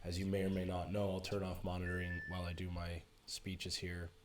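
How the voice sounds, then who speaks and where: A man's voice: sits low, completely flat delivery, a little fast, noisy background. A man teaching a music production walkthrough into a USB desk microphone, chatty and self-correcting as he explains. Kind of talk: screen-recorded tutorial walkthrough.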